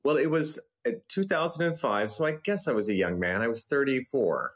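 A man in his fifties from the United States, talking about his novel in a relaxed, chatty way with an easy laugh. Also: medium pitch, a little fast. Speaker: novelist guest. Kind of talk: interview conversation.

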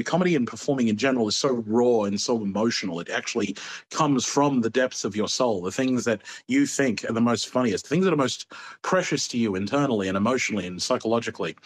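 A man, a stand-up comedian, telling stories in a casual interview and acting out the voices of people he quotes. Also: mid-range voice. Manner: animated, acts out quoted voices.

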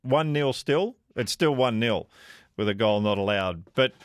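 A man's voice: medium pitch, animated, unhurried, no room sound, studio quality. An Australian man hosting a radio chat show, reading listener messages and talking with a guest in a conversational way. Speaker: radio host.

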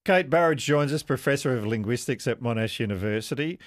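A man hosts a radio talk show in an easy, chatty way, inviting calls and texts. His mid-pitched voice sounds close and dry in the studio. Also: brisk, no room sound. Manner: relaxed, chatty. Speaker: radio host. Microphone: studio microphone.

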